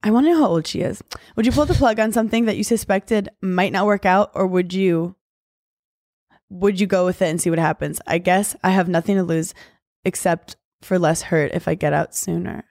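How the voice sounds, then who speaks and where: A woman's voice: lowish voice, fairly quick, a little mellow, no room sound, studio quality. A woman in her twenties, a podcast guest talking in a blunt, candid way and laughing often. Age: 20s. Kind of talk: casual chat.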